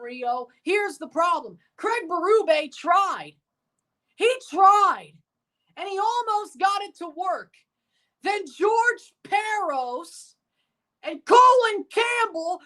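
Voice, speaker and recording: A woman streaming a sports watchalong, ranting with profanity and sarcasm and bursting into shouts. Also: very high voice. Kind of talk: live sports reaction rant.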